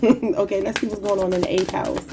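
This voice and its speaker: A woman's voice: medium pitch, fairly even intonation, brisk, music in the background, low-quality recording. A woman giving a casual tarot reading, talking informally to her viewers and calling them y'all. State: slightly sick and emotional. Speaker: tarot reader.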